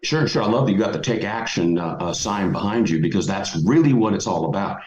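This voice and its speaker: A man's voice: low voice, animated, fairly quick, a little mellow. A middle-aged man giving motivational advice as a podcast guest, emphatic and folksy. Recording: roomy, dull lo-fi audio.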